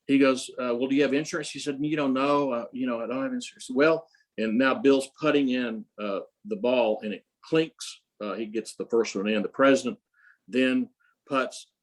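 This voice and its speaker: A man's voice: mid-range voice, moderate pace, low-quality recording. An older man, an interview guest, telling rambling stories full of quoted dialogue, with frequent restarts. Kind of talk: casual storytelling.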